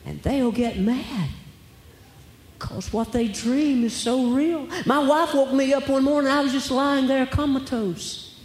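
A man's voice: extremely high pitch, a little slow. A man performing a stand-up comedy routine on stage, telling wry stories and asking rhetorical questions. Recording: echoey hall, faint background noise.

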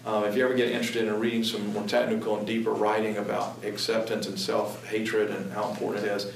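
Man, low voice, earnest, emphatic, halting, distant mic, echoey room. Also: little pitch movement, creaky, a little hiss or hum. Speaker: parent speaking on Christian parenting. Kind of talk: conversational talk.

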